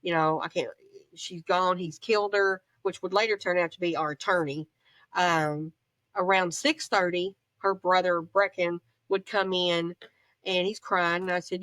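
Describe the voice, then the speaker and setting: A woman's voice: fairly low pitch, moderate pace, fairly bright tone, dry recording. A middle-aged woman, a bereaved mother recounting events plainly and emotionally as an interview guest, often quoting what people said. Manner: plain-spoken, storytelling with reported speech. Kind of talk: emotional personal account.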